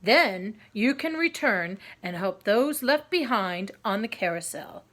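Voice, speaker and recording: A woman voicing a wise, commanding male great white tiger in a children's storybook, speaking slowly, loudly and solemnly. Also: mid-range voice, animated. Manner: slow, loud, solemn commands.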